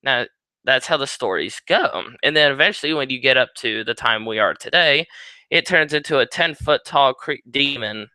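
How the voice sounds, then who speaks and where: A man's voice: mid-range voice, expressive, normal speed, pushed and bright, no room sound, rough recording. A young man hosting his own paranormal talk show, speaking in a rambling, conversational way with ums and asides. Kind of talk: casual solo talk.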